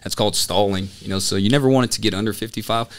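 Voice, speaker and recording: A man chatting casually as a podcast guest and student pilot, telling stories in an animated way with lots of "you know" and "like" fillers. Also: on the low side, racing, clear, resonant tone. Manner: animated storytelling, filler-heavy. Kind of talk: casual chat.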